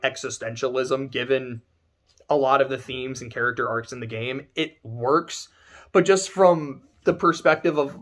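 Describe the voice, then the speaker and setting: A man's voice: mid-range voice, fairly bright tone. A young man giving a casual spoken game review, rambling, correcting himself and swearing casually.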